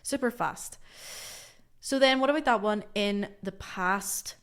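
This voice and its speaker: A young woman teaching an English lesson live online. She explains in English and Spanish and says example phrases slowly. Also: medium pitch, fairly bright tone. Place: lives in Cantabria, Spain.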